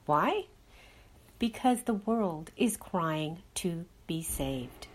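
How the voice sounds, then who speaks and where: A woman guides listeners through a meditation and an astrology talk at an unhurried pace. Her soothing voice rises and falls widely as she gives each instruction. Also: on the low side, expressive, slight background noise. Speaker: inner healing guide.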